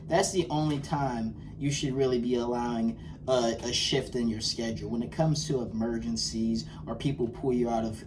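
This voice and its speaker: Man, motivational lecture, preachy scolding tone, mid pitch, distant mic, faint background noise. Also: steady tone, normal speed, few pauses. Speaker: self-styled life coach.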